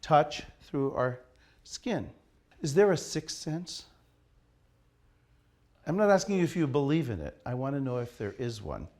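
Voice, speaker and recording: A man's voice: mid-range voice, expressive, unhurried, pauses often, darkish tone. A man teaching an acting class in a studio, asking his students questions and leading them through an exercise. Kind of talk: classroom lecture.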